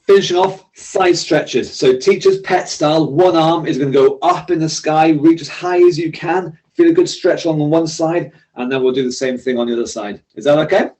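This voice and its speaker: A man's voice: fairly high pitch, normal speed, hardly any pauses, darkish tone, low-quality recording. A man instructing a seated exercise class, giving friendly, encouraging, step-by-step cues. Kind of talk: leading a seated workout class.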